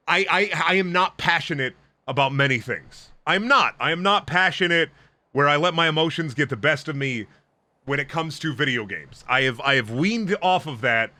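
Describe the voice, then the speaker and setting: A man's voice: fairly high pitch, animated, fairly quick, pushed and bright, dry recording. A young man streaming, ranting emphatically and swearing heavily in casual talk.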